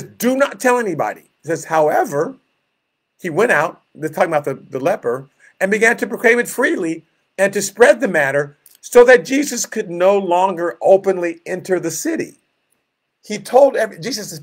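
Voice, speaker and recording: Animated man teaching Bible study. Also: sits high, brisk. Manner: animated, reads scripture aloud and acts out groans.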